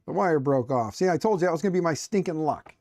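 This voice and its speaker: Middle-aged male streamer, warm low-key voice, wry self-mocking banter, dry close sound. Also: lively intonation, quick pace, no echo. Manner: joking, self-mocking, rambling; muttering to himself while tinkering. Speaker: streamer building a 3D printer. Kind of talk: casual live-stream chatter while working.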